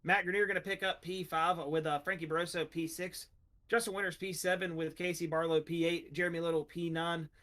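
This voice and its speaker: Bright young male race commentator. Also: on the high side. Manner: energetic, rambling with fillers. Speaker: broadcast booth host. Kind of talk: sim racing commentary.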